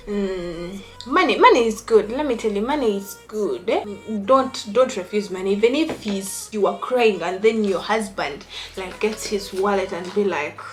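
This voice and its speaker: A woman's voice: medium pitch, moderate pace, faint music behind. A middle-aged woman vlogging relationship advice in casual chat, reading viewers' comments with a teasing, chatty manner. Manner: chatty, teasing, bursts into laughter.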